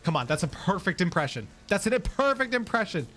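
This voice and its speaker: A game streamer giving casual live commentary, giggly and excitable, talking directly to chat. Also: mid-range voice, brisk, soft background music.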